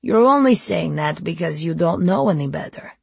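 A woman reading an audiobook, voicing a cold, seductive male undead vampire who speaks low and taunting. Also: animated, normal speed, creaky, darkish tone, slightly rough, no echo, exaggerated voice. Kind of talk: audiobook character voice.

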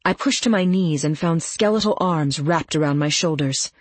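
Woman narrating a dark novel. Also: low voice, moderate pace, husky, no room sound. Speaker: audiobook narrator. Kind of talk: first-person novel narration.

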